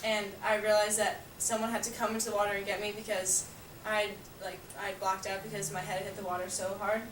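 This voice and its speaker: A woman's voice: medium pitch, level tone, fairly quick, noisy background. Chatty young woman, echoey far-off room. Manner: chatty, laughs often, uses "like" a lot. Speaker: storyteller. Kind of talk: casual spoken personal story.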